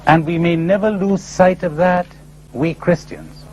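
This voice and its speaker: A man's voice: sits high, unhurried, slight background noise, low-quality recording. A man giving a spiritual lecture full of stories, told in a playful, emphatic way. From India. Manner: animated storyteller, playful and emphatic. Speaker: spiritual speaker.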